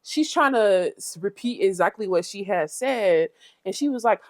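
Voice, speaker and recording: A woman's voice: mid-range voice, expressive, a little fast, no room sound. Sassy young woman recapping a show. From Fort Pierce, Florida. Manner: blunt, sassy, talks to the viewer directly. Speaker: reality TV recap vlogger. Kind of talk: casual commentary.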